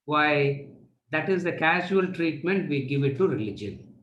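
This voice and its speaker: A man gives a lecture to students, asking rhetorical questions and answering them. His voice sits a little high for a man. The recording carries a noticeable room echo. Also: animated, measured pace, fairly bright tone, dull audio, a little hiss or hum. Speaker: spiritual teacher. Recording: echoey room.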